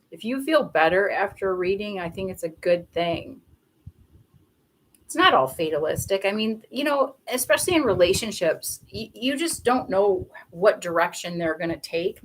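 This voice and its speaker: A woman's voice: mid-range voice, a bit bright, low-quality recording. A young woman doing a live tarot reading, chatty and giggly, rambling off topic in a bubbly, sing-song way. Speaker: tarot reader.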